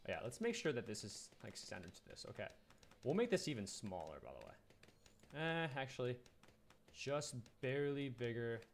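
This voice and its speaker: A young man at his home computer, talking games with his stream in a loose, rambling way. His pitch sits in a middling register but swings widely as he chats, and there's a faint hiss under his voice. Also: big pitch swings, moderate pace. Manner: rambling, chatty, distracted. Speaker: gaming streamer. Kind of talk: casual livestream commentary.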